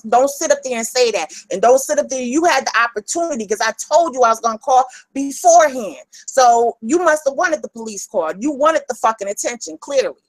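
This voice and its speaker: A woman's voice: a little high, no echo, poor audio. Woman, furious livestream rant, profane, confrontational, dry sound. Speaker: livestreamer addressing critics.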